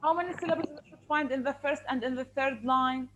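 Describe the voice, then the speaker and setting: A woman's voice: high-pitched, fairly even intonation, fairly quick, a bit bright, highs cut off, slight background noise. A woman teacher, patiently explaining and counting syllables aloud in a classroom.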